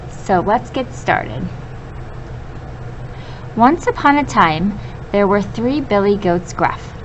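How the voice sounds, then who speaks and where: A woman teacher leading a read-aloud vocabulary lesson for children. She speaks slowly and patiently in a middle-pitched voice. A faint hiss of noise sits under her. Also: rough recording. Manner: patient, slow and clear, addressing children.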